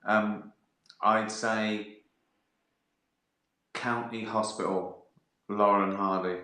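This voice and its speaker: His lowish voice is bright and forceful, with a flat delivery and slow pace. He's hosting a casual livestream on a phone or laptop, rambling through viewer questions amid fillers, restarts and casual swearing, and the sound is roomy and echoey.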